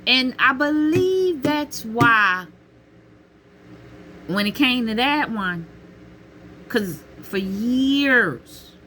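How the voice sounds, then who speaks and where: A middle-aged woman talking casually to camera with emphatic, expressive delivery, calling listeners honey and child and calling out to God. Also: a little high, very slow, long pauses, slight background noise. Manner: peppers talk with exclamations to God. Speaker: vlogger giving relationship advice.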